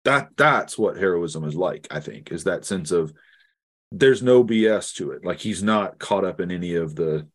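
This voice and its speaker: A middle-aged man with a very low voice tells a personal story during an interview. He speaks earnestly and haltingly, often restarting his sentences. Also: expressive. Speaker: guest theologian. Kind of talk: reflective storytelling in conversation.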